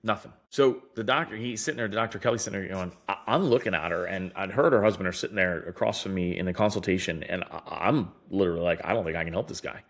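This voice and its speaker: A man's voice: low voice, fast talker, few pauses. A man on a podcast casually telling patient stories, acting out what doctors said to him. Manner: animated storyteller acting out quoted doctors. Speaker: guest, device innovator. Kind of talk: casual storytelling in a podcast interview.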